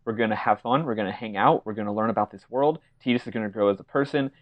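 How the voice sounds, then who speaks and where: Host, male, lowish voice, relaxed podcast banter, dry close sound. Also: quick pace, no room sound, lo-fi sound. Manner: laid-back, swears, laughs often. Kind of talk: casual podcast chat.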